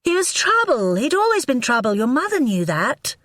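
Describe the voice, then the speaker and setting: A woman reading an audiobook, voicing a sharp-tongued upper-class wife who talks shrilly and with contempt. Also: sits high, sing-song, moderate pace, no echo, clean studio sound, pitched above the performer's own voice. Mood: furious. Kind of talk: audiobook character voice.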